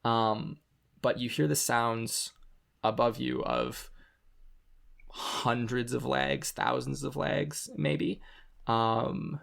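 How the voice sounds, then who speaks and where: A man narrating as game master of a tabletop game, halting often with ums and likes. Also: medium pitch, steady tone, creaky, fairly bright tone.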